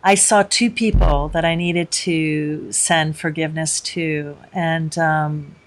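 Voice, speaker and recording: Woman, interview host, slow pace, soft hesitant delivery. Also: low voice, steady tone. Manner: gentle, hesitant with fillers. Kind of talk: podcast interview.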